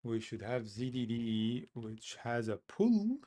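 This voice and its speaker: Unhurried and sing-song, with a dark tone and medium pitch, this developer talks himself through his code during a live stream. He mutters and mockingly repeats his own phrases in a casual commentary style.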